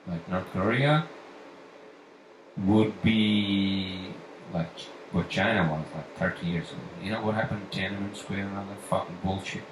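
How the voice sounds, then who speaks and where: A man hosting a solo podcast, ranting with heavy swearing and pushing his voice up toward near-shouting. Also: low-pitched, moderate pace. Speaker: podcast host. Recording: echoey room, far from mic, faint noise.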